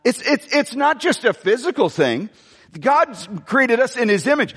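Older male pastor, high and lively. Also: measured pace, breathy edge, big-room sound. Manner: emphatic, folksy preaching with sudden pitch swings. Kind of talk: sermon. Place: church sanctuary.

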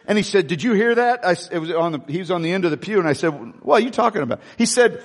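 A man preaching a sermon, telling a personal story candidly and emotionally, swinging from loud to hushed. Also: sits high, lively intonation, racing, hardly any pauses, long reverb tail. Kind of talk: sermon testimony.

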